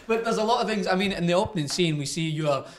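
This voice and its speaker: A man's voice: high-pitched, racing. A man hosting an entertainment interview, playful and joking while plugging a new show.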